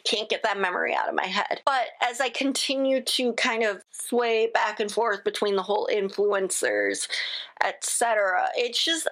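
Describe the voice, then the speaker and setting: A woman's voice: mid-range voice, lively intonation, moderate pace, fairly bright tone. Woman, solo podcast host, from the United States, chatty, rambling, restarts sentences. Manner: rambling, chatty, self-interrupting with "again".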